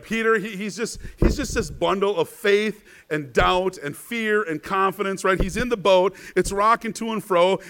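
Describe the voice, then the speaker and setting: A man preaching a sermon as a pastor, asking rhetorical questions, often adding "right?", and swinging between hushed and louder passages. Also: high-pitched. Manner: rhetorical questions, frequent "right?", stammered repeats.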